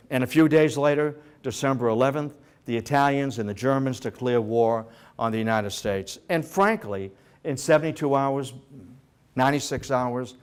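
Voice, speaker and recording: Animated male history lecturer, joking asides. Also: mid-range voice, smooth. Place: senior center hall.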